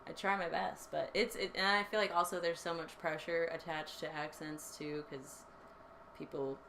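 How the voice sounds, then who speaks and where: A young woman hosting a casual chat, playful and quick to laugh, full of fillers. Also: low voice, fairly even intonation, vocal fry, background noise. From born in Texas. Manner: giggly, many fillers, playful. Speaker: podcast host.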